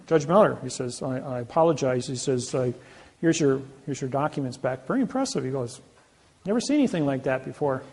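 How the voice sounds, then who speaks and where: A man with a gravelly, fry-laden voice pitched slightly high spins boastful anecdotes. He talks casually and rambles, doubling back and restarting sentences as he goes. He comes across as a self-styled legal advocate.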